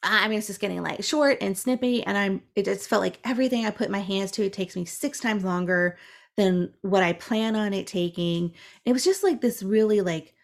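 A woman's voice: mid-range voice, normal speed, vocal fry. A woman podcast co-host telling a personal story in casual, chatty talk, full of "like" fillers. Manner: chatty, animated, frequent "like" fillers.

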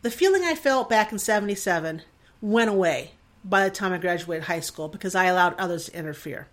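A woman's voice: fairly low pitch, animated, brisk. A woman in her forties talks alone into her podcast mic. Her talk rambles, emotional and self-deprecating, and she keeps laughing at herself. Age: 40s. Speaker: podcast host. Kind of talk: solo podcast monologue. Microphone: desk mic in front of a screen.

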